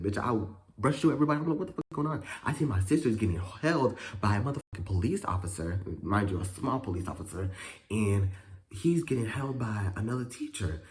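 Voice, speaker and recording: Man vlogger, low-ish voice that swings wide, slangy and cussing, telling a storytime. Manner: animated, profane storytelling full of slang and fillers; acts out quotes with sudden high pitch jumps. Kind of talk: casual storytime.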